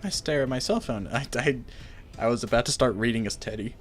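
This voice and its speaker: A man's voice: medium pitch, a little fast, soft background music. Man reading game text with jokes. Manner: dry joking asides, relaxed reading. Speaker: let's play host. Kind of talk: reading game text aloud with casual commentary.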